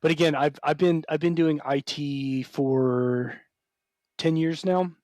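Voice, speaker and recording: A man's voice: a little high, fairly even intonation, slow pace, a little mellow, no room sound. A man in his thirties from Arkansas with a mild Southern accent, a guest chatting casually on a podcast, joking and laughing often. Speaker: guest author.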